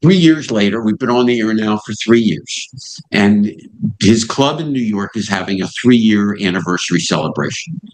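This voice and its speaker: A man's voice: fairly low pitch, moderate pace, poor audio. An older man, a radio host being interviewed, telling an anecdote and acting out the people in it. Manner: lively storyteller who acts out the voices in his anecdotes. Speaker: satellite radio host, guest.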